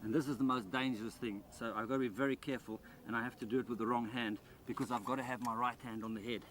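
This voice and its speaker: A man's voice: mid-range voice, fairly even intonation, quick pace, fairly bright tone, a little hiss or hum. A man presenting a wildlife documentary outdoors by rice paddy fields, enthusiastically explaining as he handles a snake.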